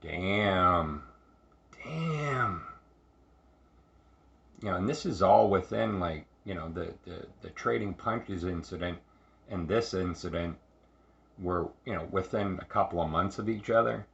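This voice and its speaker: A man tells a personal story, halting and repeating himself as he reflects. His voice is low and gravelly with a bright edge. The recording sounds dull and lo-fi. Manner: halting, repetitive, reflective with many restarts. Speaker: speaker sharing recovery story.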